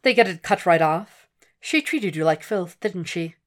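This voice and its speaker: A woman voicing a calm, cold, cultured male doctor who speaks in a soft, measured, quietly mocking way. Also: lowish voice. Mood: taunting.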